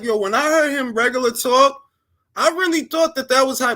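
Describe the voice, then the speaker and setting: A man hosts a casual boxing podcast in a panel-chat format, telling stories in slangy English sprinkled with Spanish phrases. His voice is extremely high, pushed and bright, and moves at a moderate pace.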